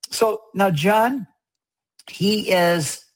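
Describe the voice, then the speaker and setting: A man talks through religious imagery in an earnest, emphatic way, circling back to repeat what matters. His voice sits a little high and has a husky edge. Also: very slow, rough recording. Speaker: guest speaker on religious art. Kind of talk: conversational explanation.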